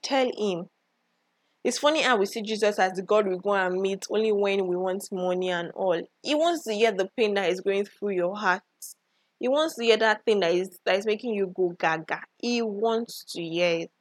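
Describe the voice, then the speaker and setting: Young woman, mid-pitched, dry close phone sound, earnest Christian host who repeats herself for emphasis. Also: no echo. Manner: repeats key phrases for emphasis. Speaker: host answering listener questions. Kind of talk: Christian motivational talk. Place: recorded for an online live session.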